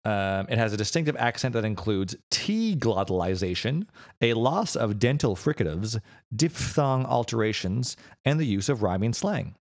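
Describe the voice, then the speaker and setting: A man with a fairly low voice co-hosts a relaxed podcast conversation. He explains things at length, restarting sentences and filling pauses as he goes. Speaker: podcast co-host. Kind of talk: casual chat.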